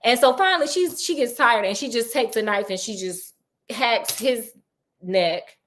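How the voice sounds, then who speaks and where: A woman casually recapping a horror novel, animated and playful, acting out characters' lines in quick asides. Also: on the high side, slight background noise. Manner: playful and sassy. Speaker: book recap host. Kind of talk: casual book recap storytelling.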